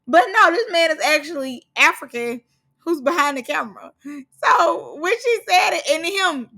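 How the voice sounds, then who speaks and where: A woman casually recapping a reality show for her followers, animated and slangy, often breaking into laughter. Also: very high voice, normal speed, vocal fry. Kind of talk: casual gossip commentary.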